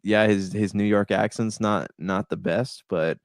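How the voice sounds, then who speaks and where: A man's voice: lowish voice, steady tone, a little slow, no echo, clean studio sound. A man co-hosting a podcast, talking casually about movies in a laid-back, hesitant way. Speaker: podcast co-host. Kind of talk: casual movie review chat.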